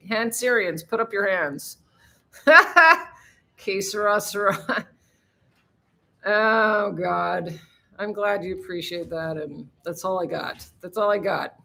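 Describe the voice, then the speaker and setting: A woman's voice: mid-range voice, vocal fry, bright, forceful tone. A woman hosting a casual live stream, chatting with viewers and laughing, who swears freely.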